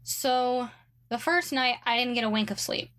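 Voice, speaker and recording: A woman's voice: on the high side, normal speed, fairly bright tone. Chatty young woman telling a story. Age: young adult. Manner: chatty, many likes and ums, sarcastic asides. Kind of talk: casual storytelling chat.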